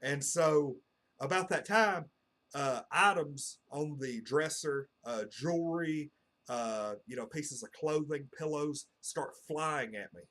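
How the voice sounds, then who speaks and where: A channel host, a man with a slightly high, somewhat bright voice, tells a personal story to camera at a slow pace. He's earnest and casual, wandering off track and leaning heavily on fillers like "uh" and "you know."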